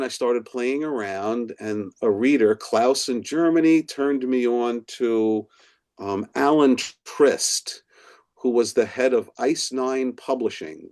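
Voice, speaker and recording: A middle-aged man, an author and professor, telling stories in a casual interview and acting out the voices of people he quotes. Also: mid-range voice. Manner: animated storyteller who acts out quoted voices. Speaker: author and professor, podcast guest.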